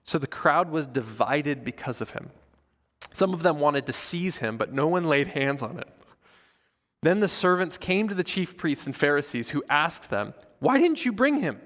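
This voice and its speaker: A male pastor preaching a sermon, reading scripture and acting out the voices of the crowd in a casual, animated way. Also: on the high side, moderate pace. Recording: church hall with long reverb.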